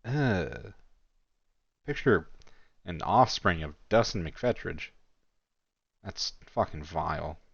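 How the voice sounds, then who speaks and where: A man's voice: low voice, animated, slow, vocal fry, pauses often, fairly bright tone, slightly rough, dry recording, dull audio. A man giving casual commentary on a chat log, mocking and incredulous, and swearing freely.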